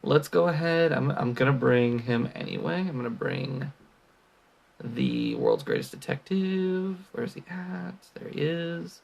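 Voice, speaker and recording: Gravelly, animated gaming commentator. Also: male voice, a little high, a little slow. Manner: chatty, thinks aloud, frequent ums and sighs. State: hiccuping. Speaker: gaming channel host. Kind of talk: casual gameplay commentary.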